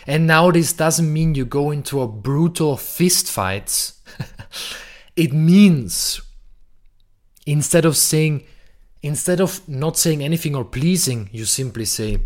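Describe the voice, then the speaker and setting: A man's voice: on the high side, lively intonation, takes it slowly. A man hosting a podcast, talking bluntly and emphatically about masculinity, swearing freely. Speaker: podcast host. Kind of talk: monologue on masculinity and relationships.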